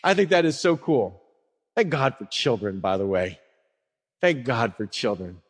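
A man preaching a sermon as a pastor, telling stories in a lively way and acting out the people in them. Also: medium pitch, measured pace, breathy edge. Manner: animated storyteller who acts out quotes. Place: church sanctuary. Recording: long reverb of a church hall.

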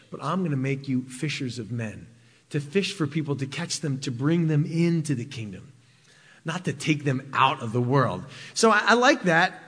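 A man preaching a sermon in a church, telling a personal story and moving between loud emphasis and quiet, intimate passages. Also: a little high, slightly rough, big-room sound. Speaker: pastor. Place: church sanctuary.

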